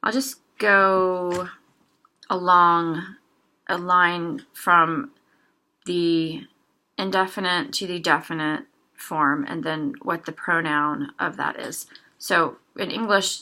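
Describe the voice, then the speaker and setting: A young woman giving a casual language lesson, slowly sounding out single words one at a time for listeners to repeat. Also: on the low side, bright, forceful tone. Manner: slow, careful word-by-word pronunciation drills. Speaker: language teacher.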